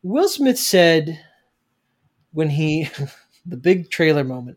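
A woman's voice: low voice, big pitch swings, slow, pauses often. A woman co-hosting a casual podcast, ranting animatedly about a film and laughing often. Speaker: podcast co-host. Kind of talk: casual chat.

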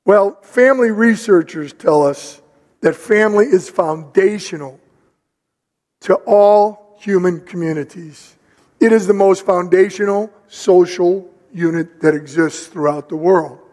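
An older man preaching a sermon, telling a family story in an animated, conversational way. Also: high-pitched, unhurried, big-room sound. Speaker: pastor.

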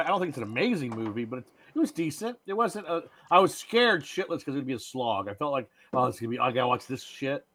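A man co-hosting a podcast, giving blunt, profane opinions on films in an animated way. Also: a little high, slight background noise. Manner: blunt, profane, animated, puts on silly voices. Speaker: podcast co-host. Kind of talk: casual movie-review chat.

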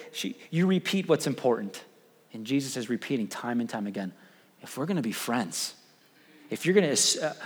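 A pastor in his thirties preaching a sermon in a conversational way, rising to emphatic peaks. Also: medium pitch. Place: church sanctuary. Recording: long church reverb.

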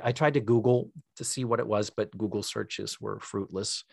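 A man's voice: fairly low pitch, normal speed, gravelly, no echo. Man recapping a sitcom, dry close mic. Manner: animated retelling, acting out quoted lines. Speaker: podcast co-host. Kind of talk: casual chat recapping a TV episode.

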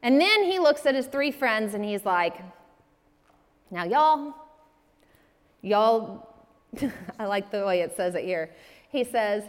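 A woman giving a sermon-style teaching talk, acting out the quoted lines with lively changes of voice. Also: mid-range voice, normal speed. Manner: acts out quotes with shifting voices. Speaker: speaker at a church breakout session. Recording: long reverb in a large room.

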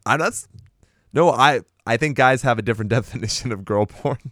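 A man's voice: medium pitch, brisk, fairly bright tone, no room sound, studio quality. A man co-hosting a casual podcast chat, blunt and profane, laughing often. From Boston area. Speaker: podcast co-host.

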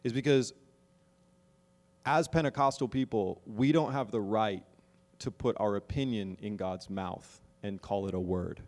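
A pastor preaches to his congregation in a lowish voice, shifting from wry, conversational asides to loud, slow, emphatic exhortation. A long reverb tail follows his words.

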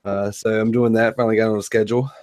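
A man's voice: fairly low pitch, little pitch movement, fast, a little mellow, no room sound. A man guesting on a gaming podcast who once ran his own radio show. He sounds laid-back and matter-of-fact. His voice is dry and close, with no room sound. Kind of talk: casual podcast chat.

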